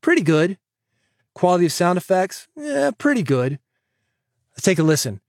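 A man hosting a podcast, giving advice in an energetic, chatty way that jokes with the listener. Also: high voice, moderate pace, no room sound, clean studio sound. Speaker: podcast host and coach.

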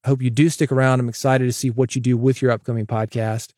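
A male podcast host talks straight to his listeners in a casual, emphatic monologue, repeating words to drive points home. His pitch sits in the middle range. The sound is dry and close, with no room echo. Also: level tone, fast talker, darkish tone. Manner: conversational, emphatic repetition.

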